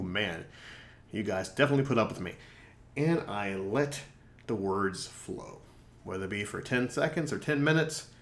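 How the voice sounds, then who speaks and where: A man playing Henry, a boastful fox host. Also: mid-range voice. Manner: rambling, self-mocking, joking asides. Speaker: podcast host. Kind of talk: comedic improvised monologue.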